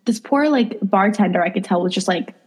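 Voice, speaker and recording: Breathy young woman telling dating stories. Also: medium pitch, fairly quick. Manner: animated, acts out quotes, lots of "like". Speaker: podcast co-host. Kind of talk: casual storytelling chat.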